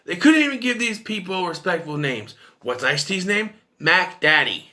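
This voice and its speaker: A man with a very bright, sharp voice talks through a film review in a loose, rambling way. He is openly opinionated, his pitch sits a little high and swings widely as he makes his points. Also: sing-song, moderate pace. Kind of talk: casual video review.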